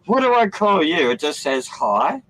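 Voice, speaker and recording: A man's voice: a little high, very animated, measured pace, a crowd in the background, poor audio. A man with an Australian accent calling in as a guest, rambling and joking with some swearing. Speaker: guest caller. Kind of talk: casual chat.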